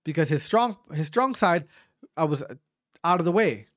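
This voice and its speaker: Higher-voiced man telling a fight story. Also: moderate pace, dry recording, studio quality. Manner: animated, frequent restarts and stammers, acts out quotes; casual swearing. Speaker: amateur fighter recounting a bout. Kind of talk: casual storytelling.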